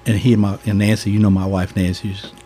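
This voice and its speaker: A man's voice: lowish voice, flat delivery, quick pace, mellow, slightly rough. An older man with a Southern American accent, a deacon telling stories in a folksy, chuckling way during a podcast interview.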